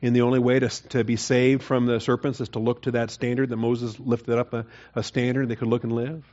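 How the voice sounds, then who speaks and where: A man's voice: mid-range voice, flat delivery, brisk, a little mellow, dull audio. A man preaching a Bible sermon in a conversational way, rising to emphatic, mocking quotes of the people. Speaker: pastor. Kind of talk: expository sermon.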